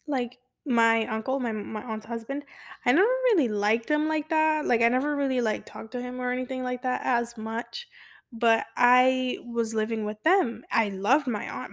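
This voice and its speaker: A young woman hosting a podcast, rambling confessionally through a personal story with many fillers, soft-spoken and slipping into whispers. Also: a little high. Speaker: podcast host.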